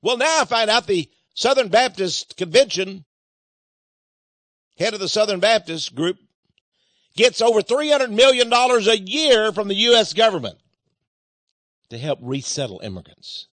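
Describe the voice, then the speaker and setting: A man hosting a radio program, ranting sarcastically and swinging between loud outbursts and low mutters. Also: lively intonation, moderate pace, pauses often, dry recording.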